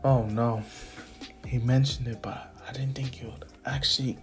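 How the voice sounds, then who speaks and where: A man voicing a worried mother who speaks slowly and half in a whisper. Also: mid-range voice, faint music behind, lightly acted. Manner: slow, hushed, half-whispered. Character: worried soft-spoken mother, hushed.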